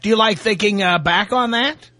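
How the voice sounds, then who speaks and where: A male talk radio host taking calls, with brisk, wry reactions. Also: high voice, pushed and bright, no echo. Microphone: studio microphone.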